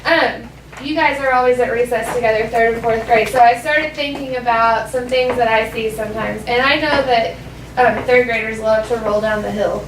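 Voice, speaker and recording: High-voiced teacher in an echoey classroom. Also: female voice, recorded from a distance, slight background noise. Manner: models phrases slowly for students to echo. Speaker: elementary school teacher. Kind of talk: classroom language lesson.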